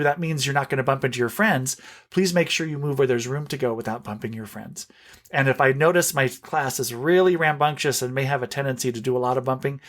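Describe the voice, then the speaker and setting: A man, a music specialist for young children, explaining classroom songs in a lively, teacherly way as a podcast guest. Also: mid-range voice. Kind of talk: podcast interview.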